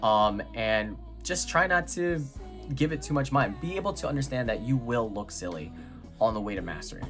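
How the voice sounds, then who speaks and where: A young American man from New York giving a casual, chatty book review, full of filler words and quick laughs. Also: mid-range voice, very animated, fairly bright tone, faint music behind.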